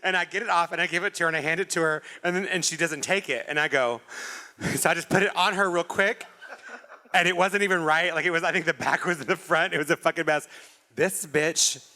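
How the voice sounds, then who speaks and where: A man's voice: a little high, a little fast, pushed and bright. A man hosting a casual chat, telling stories animatedly with swearing and acted-out quotes. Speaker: podcast host.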